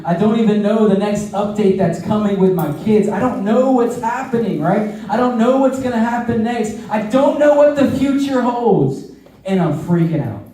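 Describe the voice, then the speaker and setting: A youth pastor preaches a sermon at a church service, earnestly telling a personal story and frequently asking "right?". His voice is high and warm, sounding far off in an echoey hall.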